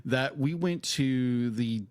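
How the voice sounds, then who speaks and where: A young man co-hosting a film podcast in easy casual chat. He rambles through his stories, repeats phrases and laughs often. His voice sits at an ordinary middle pitch for a man. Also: slow pace, clean tone. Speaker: podcast co-host.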